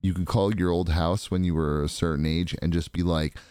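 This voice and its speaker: A man's voice: low voice, steady tone, fairly quick, warm tone, clean tone, dry recording, clean studio sound. A man co-hosting a podcast, rambling and joking with lots of swearing. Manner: rambling, profane, jokey, puts on silly voices. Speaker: podcast co-host. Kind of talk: casual podcast banter.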